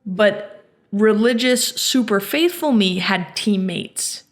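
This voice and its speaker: A woman hosting a personal storytelling podcast, speaking in a reflective, halting way with many restarts. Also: mid-range voice, animated. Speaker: podcast host.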